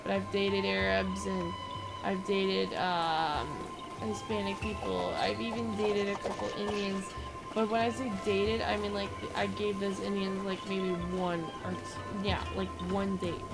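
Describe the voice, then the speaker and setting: A young woman hosting a gaming channel, telling a rambling story with lots of filler words and getting animated as she goes. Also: medium pitch, a little slow, vocal fry, loud music behind the voice. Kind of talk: casual rambling commentary over gameplay.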